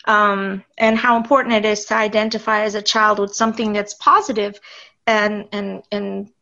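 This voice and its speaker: A woman's voice: mid-range voice, little pitch movement, moderate pace, creaky, sharp tone. A woman from New York hosting a podcast interview, with a New York accent, giggly and rambling as she wraps up the episode. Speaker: podcast host. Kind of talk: casual interview wrap-up. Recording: slightly dull lo-fi audio.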